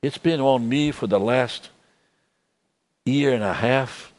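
Older man preaching, halting and soft. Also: mid-range voice, expressive. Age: 70s. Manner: halting, repeats words, drops to soft tones. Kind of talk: sermon.

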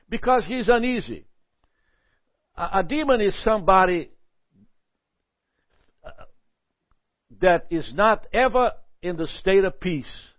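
Man, pastor teaching scripture, lively sermon delivery, fairly high voice, dull dry lo-fi sound. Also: no echo. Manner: lively, asks the listeners "Amen?" and chuckles. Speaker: pastor teaching a Bible lesson. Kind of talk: sermon-style Bible teaching.

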